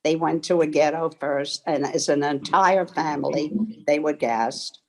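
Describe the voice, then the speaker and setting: An older woman from Germany telling her life story in a slow, reflective, heartfelt way over a video call. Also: deep voice, darkish tone, low-quality recording. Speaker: interviewee. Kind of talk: personal storytelling.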